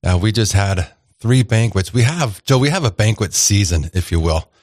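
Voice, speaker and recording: A man's voice: on the low side, expressive, moderate pace, a little mellow, no room sound, clean studio sound. A man hosting a casual radio talk show, chatty and rambling with plenty of fillers and restarts.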